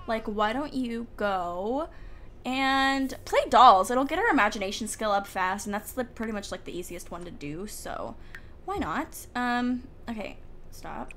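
A woman's voice: fairly high pitch, animated, unhurried, fairly bright tone, a little hiss or hum. A young woman casually commentating a life-sim game from home, chatty and giggly, talking to her characters. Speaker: gaming YouTuber. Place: home room with the window open. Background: faint outdoor ambience.

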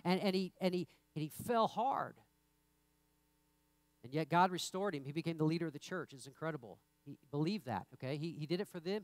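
High-voiced pastor preaching. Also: male voice, dry recording. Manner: conversational preaching, repeats words, rises to emphatic bursts. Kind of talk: sermon. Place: church sanctuary.

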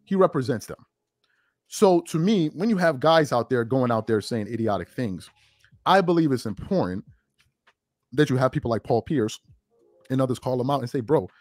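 A man's voice: medium pitch, lively intonation, normal speed, pauses often, a little mellow, dry recording. A man delivering blunt, mocking opinion commentary, trading in joking insults. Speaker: online commentator.

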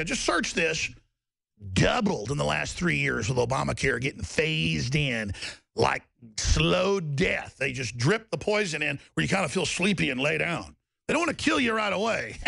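Gravelly, forceful talk radio man. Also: fairly high pitch, dry recording, clean studio sound. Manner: mocking, sarcastic, heated. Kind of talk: ranting talk radio monologue.

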